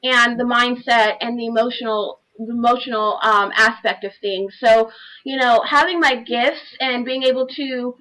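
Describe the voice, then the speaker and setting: Woman life coach telling her story on a video call, kinda high and bright, lots of "you know". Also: fairly even intonation, normal speed, poor audio. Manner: earnest, heartfelt, many "you know" fillers. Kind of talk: personal testimony on a live panel.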